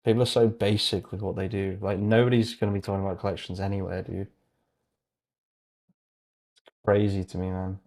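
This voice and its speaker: Young male streamer, slightly low voice, excitable thinking-aloud chat with mumbled asides. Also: fairly quick, long pauses. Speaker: host. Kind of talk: casual livestream commentary.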